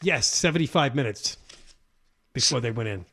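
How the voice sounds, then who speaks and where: A man's voice: medium pitch, animated, normal speed, fairly bright tone. A man co-hosting a talk radio show, telling news stories in an indignant, conversational way.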